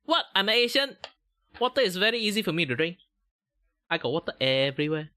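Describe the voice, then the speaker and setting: A man from Malaysia chatting casually as host of his live stream. He laughs often and jumps into sudden high exclamations. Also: sing-song, fast talker, pushed and bright, dry recording. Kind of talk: casual livestream chat.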